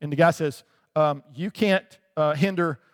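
A man with a high voice delivers a casual, conversational sermon, stopping often to check in with his listeners. The sound rings through a large hall with a long reverb tail, the way it would be picked up in a church sanctuary. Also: unhurried. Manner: conversational preaching with frequent "right?" asides. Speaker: pastor.

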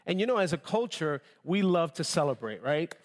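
A man preaching a sermon, telling his conversion story in an animated way and addressing the congregation. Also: a little high, moderate pace. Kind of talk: sermon with personal testimony. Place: church hall with long reverb. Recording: reverberant church hall.

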